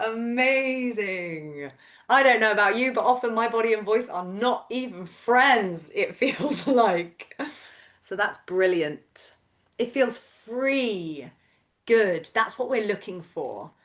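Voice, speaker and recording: Over video call, a vocal coach runs a breath and voice workshop with gentle encouragement. She is a woman in her thirties whose voice sits at medium pitch.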